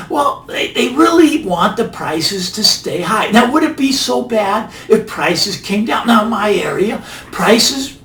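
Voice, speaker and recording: Emphatic man, lively roomy monologue. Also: high voice, moderate pace. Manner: emphatic, repeats phrases for effect. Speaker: finance channel host. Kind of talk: casual monologue commentary. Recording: roomy, mic a bit distant, faint ambience.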